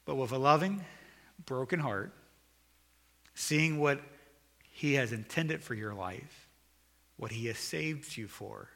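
Bright-voiced preaching man in a reverberant hall. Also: mid-range voice. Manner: preaching, swings from loud urgent calls to quiet earnest appeal. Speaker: pastor. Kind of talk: sermon.

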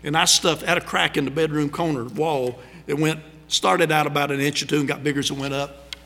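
A middle-aged man with a drawl preaches in a folksy, conversational way, spinning stories from the pulpit. His voice is bright and forceful, sitting a little high for a man. It rings out with a long hall reverb. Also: a little fast. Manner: folksy, conversational, animated storytelling. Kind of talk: storytelling sermon.

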